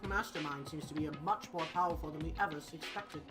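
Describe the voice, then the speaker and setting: A woman's voice: deep voice, fast, voice pushed down, close to an everyday voice. A woman voicing a cold, arrogant rich young man who talks down to everyone. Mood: condescending. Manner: condescending, clipped. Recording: game music behind.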